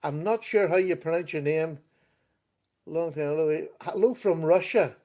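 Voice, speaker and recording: A man's voice: a little high, moderate pace, dark tone. Chatty man hosting a livestream. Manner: chatty, greets viewers by name. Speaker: livestream host. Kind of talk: casual live-stream chat.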